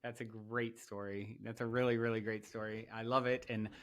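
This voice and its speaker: A male podcast host speaking softly and warmly affirming his guest. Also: fairly low pitch, flat delivery, moderate pace. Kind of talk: interview chat.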